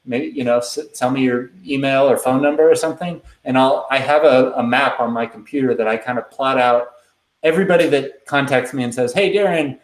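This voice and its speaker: A man hosting a live question-and-answer stream, talking in a relaxed, rambling way with lots of ums. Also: mid-range voice, a little fast, reverberant, poor audio. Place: indoors at a computer.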